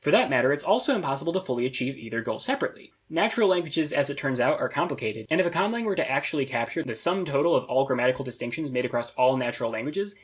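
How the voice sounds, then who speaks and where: A man's voice: medium pitch, expressive, very fast, few pauses, breathy edge. A young man narrating a scripted explainer video with a dry, lecturing delivery and wry asides.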